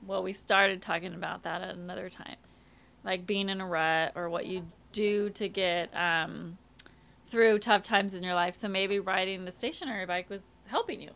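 A woman's voice: medium pitch, normal speed, vocal fry, a bit bright. A woman co-hosting a casual group chat podcast, telling stories with frequent laughter. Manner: laughing, storytelling. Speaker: podcast co-host.

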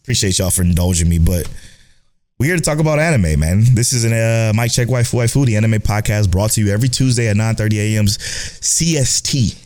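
A young man co-hosting a casual podcast, animated and swearing freely as he chats. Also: lowish voice, fairly quick. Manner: animated, swearing, laughing, self-mocking. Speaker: podcast co-host. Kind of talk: casual chat.

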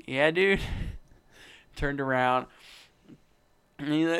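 A man's voice: medium pitch, normal speed, pauses often, a bit bright, clear, resonant tone. A young man co-hosting a sports podcast, rambling and swearing as he tells a story in casual chat. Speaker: podcast co-host.

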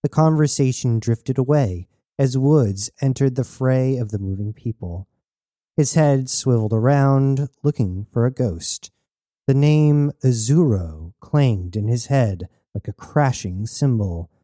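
A man reading a novel aloud as narrator in a steady storytelling manner. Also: mid-range voice, measured pace, dry recording, clean studio sound. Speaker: audiobook narrator. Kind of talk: scripted narration.

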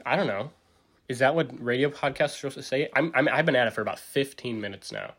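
A man's voice: very animated, fast, a bit bright. Rambling man acting out every quote. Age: 40s. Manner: rambling, self-mocking, full of fillers and restarts; acts out quotes with big pitch jumps. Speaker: podcast host. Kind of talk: casual solo monologue.

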